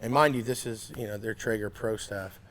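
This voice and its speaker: A man who is a competition pitmaster, telling anecdotes at a relaxed pace in a casual interview, often pausing on "uh". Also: lowish voice.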